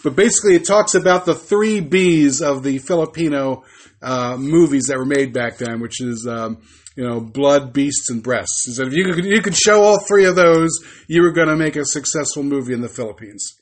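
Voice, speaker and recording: A man co-hosting a podcast, chatting about films in a relaxed, informative way. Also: fairly high pitch. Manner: relaxed, informative, with pauses and fillers. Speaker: podcast co-host. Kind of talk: casual chat about films.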